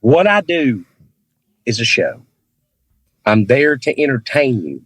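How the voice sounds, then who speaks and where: A man's voice: mid-range voice, very animated, takes it slowly, husky, no echo. Southern man with a thick drawl. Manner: earnest, emphatic, repeats himself for stress. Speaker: guest, rock and metal singer. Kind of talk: casual conversation on a video call. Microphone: video call.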